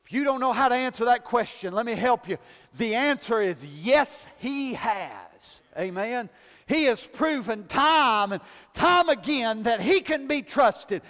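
Male preacher, very high pitch, folksy and fervent, church hall echo. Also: animated, measured pace. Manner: folksy, rising to shouted emphasis, calls for amen. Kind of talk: sermon.

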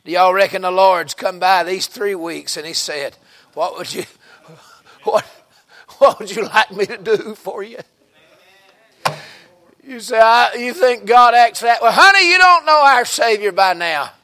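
A man with a Southern US accent preaching a fervent revival sermon in a church, breaking into sudden shouts and exclamations. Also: high voice, expressive, measured pace, pauses often. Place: church sanctuary.

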